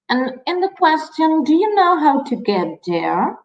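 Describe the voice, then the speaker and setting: A woman teaching a language lesson, repeating each word slowly and carefully for learners. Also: high-pitched, sing-song, roomy sound, highs cut off. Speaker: Spanish teacher.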